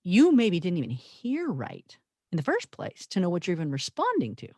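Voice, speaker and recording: Thoughtful woman podcast host, emphatic delivery, lower voice, close and dry. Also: huge pitch swings, normal speed, darkish tone, no room sound. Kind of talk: reflective podcast conversation.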